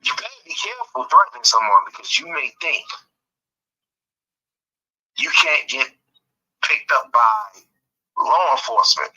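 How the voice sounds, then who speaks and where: A man speaks slowly and emphatically over a muffled phone line. His tone is bright and a little sharp, and his pitch swings widely as he presses his points. He takes his time with each phrase. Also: very animated. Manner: slow, deliberate, emphatic. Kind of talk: casual podcast chat. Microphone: phone call. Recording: dull phone-line audio.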